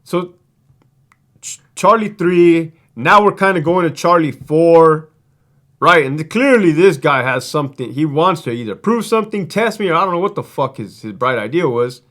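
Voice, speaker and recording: A man's voice: a little high, expressive, normal speed, fairly bright tone. A man who used to be a prison guard tells stories in a casual, profane, streetwise way, rambling and restarting his sentences. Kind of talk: casual storytelling.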